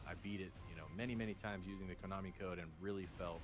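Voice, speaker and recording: Racing through his words in a deep, steady voice, an American man jokes and chats casually as a guest on a game stream. Game music plays in the background.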